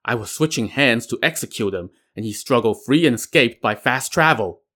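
A man voicing a cunning, commanding warrior who shouts orders. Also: mid-range voice, animated, moderate pace. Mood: matter-of-fact.

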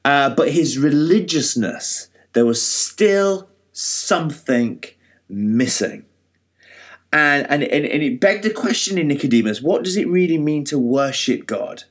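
A man preaching a sermon in an easy, conversational way. His pitch swings widely up and down, and he often restarts his sentences and uses fillers. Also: expressive, measured pace.

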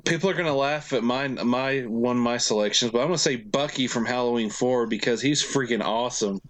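A man's voice: medium pitch, a little fast. A man co-hosting a casual podcast, rambling with restarts and laughing as he acts out film characters. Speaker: podcast co-host. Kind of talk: casual horror movie chat.

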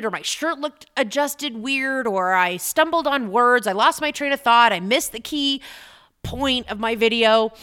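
A middle-aged woman hosting a podcast as a business coach, talking in an energetic, chatty way and repeating points for emphasis. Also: on the high side, clean tone. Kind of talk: motivational podcast talk.

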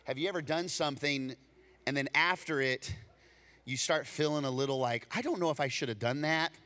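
Bright, animated man preaching. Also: a little high, brisk. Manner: animated, acts out dialogue, repeats words when excited. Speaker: pastor. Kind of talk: storytelling sermon.

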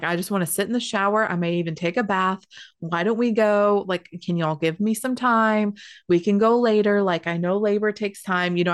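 A woman telling a personal story casually, swearing and laughing, and acting out what others said in raised voices. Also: fairly low pitch. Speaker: storyteller recounting her birth story.

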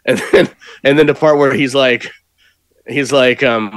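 A man's voice: medium pitch, steady tone, normal speed, fairly bright tone, no echo. Amused American man explaining jokes. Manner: amused, laughs while explaining jokes, rambling. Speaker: podcast co-host. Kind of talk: casual movie review chat.

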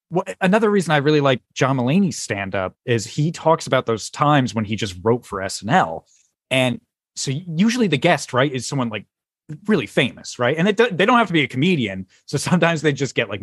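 A man hosting a casual podcast chat, telling stories in an animated way and swearing casually. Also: medium pitch, husky, no echo. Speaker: podcast host.

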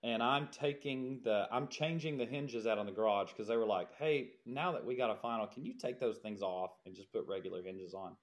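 A man's voice: fairly low pitch, fairly quick, few pauses. A man co-hosting a podcast, telling a jobsite story in casual chat and laughing as he goes. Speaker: podcast co-host, builder.

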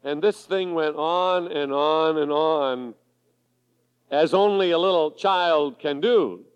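A man with a high voice preaches slowly and deliberately, giving each phrase room. He reads scripture to his congregation and then explains it. The 1980s recording carries the long reverb of a large church sanctuary. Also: smooth, highs cut off. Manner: measured preaching, reading scripture aloud to a congregation. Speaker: pastor. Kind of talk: sermon.

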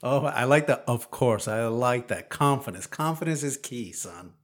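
Speaking at a normal speed with a medium, expressive voice, this forties-aged father hosts a casual podcast. He quizzes his little boy in fun and teases him, laughing a lot.

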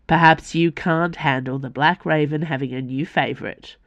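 A woman's voice: deep voice, fairly even intonation, moderate pace, dry recording, highs cut off. A woman voicing a furious young male assassin whose voice trembles with anger as he accuses a former mentor. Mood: angry.

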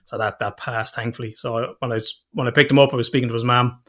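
A man's voice: mid-range voice, quick pace. Irish man telling stories with sweary humour. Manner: swears freely, tells stories with lively quoted voices, laughs often. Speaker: podcast host. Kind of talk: casual chat.

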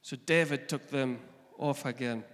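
A man's voice: medium pitch, a little slow, a bit bright. A man with a Scottish accent preaching a sermon, retelling scripture in plain everyday speech. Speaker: pastor. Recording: long echo of a large hall.

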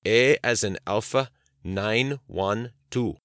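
A man voicing a sixty-three-year-old man with a thick Arabic accent who speaks slowly and deliberately, his own voice low and dry. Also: expressive, a bit bright, no room sound. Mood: measured. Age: 60s. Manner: slow, deliberate, emphatic. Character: older man with thick-tongued accent, calm conspirator.

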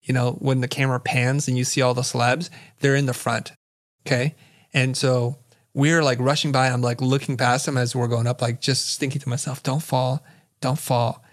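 A middle-aged man, a guest in an interview, telling a story in an animated way and acting out the lines of the people in it. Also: medium pitch, fairly quick. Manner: vivid storyteller who acts out quoted dialogue.

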